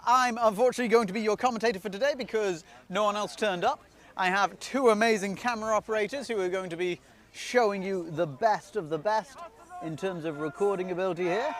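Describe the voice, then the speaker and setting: A man giving solo live play-by-play commentary beside an outdoor pitch, chatty and self-deprecating, often losing track of team names. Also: a bit bright. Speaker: sports commentator.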